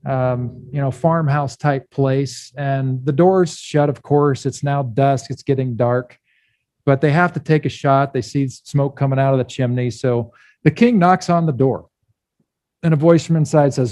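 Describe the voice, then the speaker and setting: A male pastor giving a candid sermon, speaking with pauses and restarts. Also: mid-range voice, a little mellow, no echo. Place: church.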